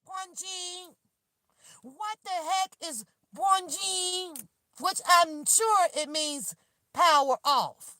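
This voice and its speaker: Her voice is very high and sharp, and she takes her time, with no room sound on the recording. She's a woman vlogging to her viewers from her car via phone camera, ranting animatedly in an exasperated, laughing way and swearing freely.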